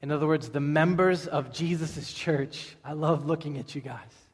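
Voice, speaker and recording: A man's voice: a little high, moderate pace, husky. A male pastor preaching a sermon to his congregation, stressing points by repeating phrases. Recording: long hall reverb.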